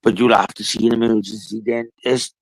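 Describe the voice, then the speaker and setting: Gravelly low man, swearing constantly. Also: little pitch movement, a little fast, dry recording, low-quality recording. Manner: profane, rambling storytelling. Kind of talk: casual chat.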